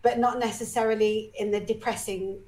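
A woman's voice: mid-range voice, fairly even intonation, a little fast, darkish tone, poor audio. A woman talking as a podcast guest, telling emotional personal stories with energy, swearing casually and often restarting her sentences. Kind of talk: candid personal storytelling.

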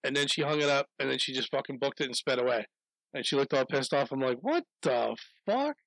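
A man's voice: medium pitch, flat delivery, fast, a bit bright. A man spins a long, rambling story in loose conversation, swearing freely and chuckling at his own tale. His voice sits in an ordinary middle range. The sound is dry, with no room echo. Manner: profane, rambling, laughs through anecdotes. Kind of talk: casual storytelling chat.

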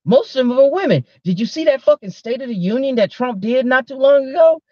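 On a dull lo-fi recording with no echo, a podcast host rants casually and profanely, talking straight to his listeners. His voice is very high-pitched, animated and a little fast.

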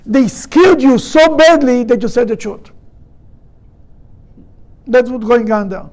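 Casting note: a man, very high voice, animated Torah teacher who acts out quotes and restarts his sentences. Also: takes it slowly. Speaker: rabbi teaching a study group. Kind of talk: Torah study class.

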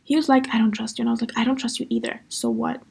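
A woman's voice: fairly high pitch, steady tone, rapid-fire, creaky, a little mellow, slightly rough. A young woman hosting a podcast, chatting casually through a personal story with lots of fillers. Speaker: podcast host.

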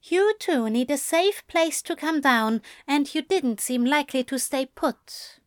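A woman voicing a fond, gently teasing male caretaker figure in a storybook reading. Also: high voice, expressive, unhurried, dry recording, studio quality, pitched above the performer's own voice. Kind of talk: audiobook reading of fan fiction.

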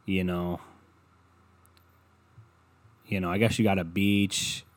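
This podcast host has a low-pitched voice with little pitch movement and a slow pace. He records a casual solo show on a computer mic at his desk, rambling and cursing sarcastically as he browses online maps.

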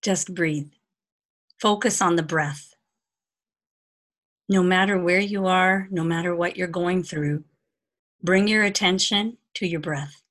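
A woman guest giving spiritual advice in a measured, soothing way, repeating words for emphasis. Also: on the low side, steady tone, a bit bright. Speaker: podcast guest, spiritual teacher. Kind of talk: calm guidance in conversation.

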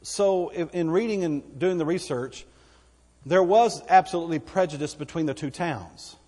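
Texan man, pastor, folksy sermon, slightly high voice, long hall echo. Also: normal speed, darkish tone. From Texas. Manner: folksy, conversational preaching with asides to the congregation.

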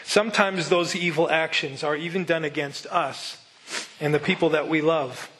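A man's voice: on the high side, steady tone, normal speed, fairly bright tone, poor audio. A male pastor preaching a sermon, telling the story earnestly and asking rhetorical questions.

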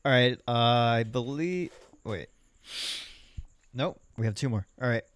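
A man co-hosting a casual podcast, running through fantasy football scores in a quick list. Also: medium pitch, smooth. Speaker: podcast co-host.

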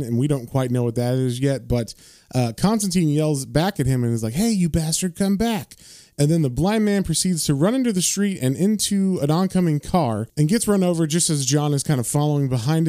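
A man's voice: a little high, fairly quick, mellow, dry recording, clean studio sound. A man giving a casual, rambling recap of a comic book issue, with lots of fillers. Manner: loose and rambling, with frequent fillers.

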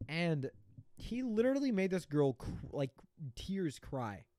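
A young man in casual chat, animated and laughing, often breaking into silly voices. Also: fairly high pitch, unhurried, no room sound, studio quality.

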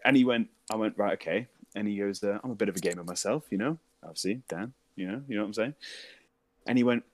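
A man's voice: fairly low pitch, quick pace, no echo. A young British man telling a funny story in casual chat, swearing, laughing and mimicking voices.

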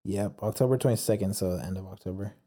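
A man's voice: lowish voice, fast talker, warm tone. A man co-hosting a podcast in casual chat, chatty and full of questions. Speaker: podcast co-host.

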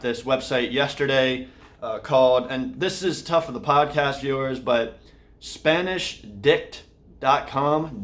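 A vlogger and podcast host from the Austin, Texas area rambles through a casual daily vlog, full of fillers and restarts. His voice is mid-range with a fairly bright tone. He's indoors in a room at home.

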